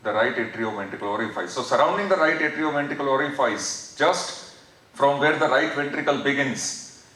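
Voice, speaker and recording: A man with an Indian English accent giving an anatomy lecture, explaining slowly and repeating terms as he draws. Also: medium pitch, pushed and bright. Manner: slow, repetitive explaining while drawing. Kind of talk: recorded medical lecture. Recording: roomy, distant mic.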